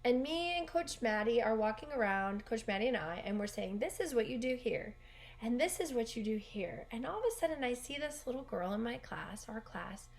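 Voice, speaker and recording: A woman's voice: a little high, animated, moderate pace, vocal fry. A woman coach telling a heartfelt story in a casual, rambling way, often correcting herself, recorded in her bedroom. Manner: earnest, rambling, with frequent self-corrections. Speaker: gymnastics coach and gym owner.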